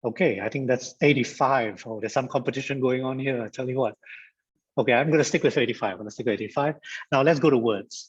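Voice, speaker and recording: A man's voice: medium pitch, quick pace, slightly rough, lo-fi sound. A man from Singapore giving an interactive online lecture as a guest speaker, repeating phrases and joking like an auctioneer. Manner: lively, repeats phrases, auctioneer-style banter. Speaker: guest speaker at a mediation training. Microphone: video call.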